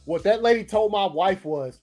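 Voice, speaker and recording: A man telling a story casually, animated and profane, acting out what people said. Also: high voice, moderate pace, soft background music. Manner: animated, profane, acts out quotes. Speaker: podcast host.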